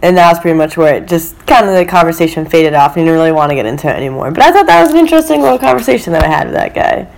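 Her deep, gravelly, slightly mellow voice races along expressively with few pauses. She's a young woman co-hosting a casual podcast, laughing while she retells dating-app messages, a chatty storyteller amused by her own anecdotes.

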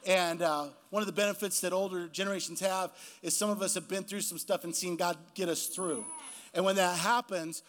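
Casting: male preacher, early fifties, high-pitched, animated storyteller who voices the people in his stories. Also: brisk. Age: 50s. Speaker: guest pastor. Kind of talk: sermon. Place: church.

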